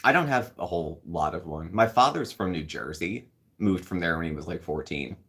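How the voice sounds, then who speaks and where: A man's voice: deep voice, lively intonation, normal speed, a bit bright. A man hosting a casual live stream, rambling along and answering viewer comments as they come in. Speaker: host.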